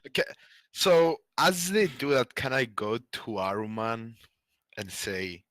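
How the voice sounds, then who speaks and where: Slow, low-key male player. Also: sing-song, a bit bright. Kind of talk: tabletop role-play chat.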